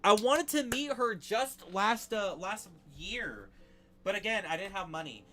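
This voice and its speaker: Young male streamer, animated and bright-toned, excitable, swears freely, casual chat with viewers. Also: sits high, unhurried. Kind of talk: casual live-stream chat while drawing.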